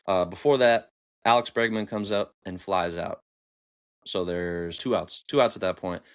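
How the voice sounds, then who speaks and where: A man with a lowish voice runs through a baseball game for his podcast, excited and animated as he retells each play. He talks casually, jumping from point to point. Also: moderate pace, smooth. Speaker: podcast host. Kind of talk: casual sports recap. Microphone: camera on upper body, desk mic.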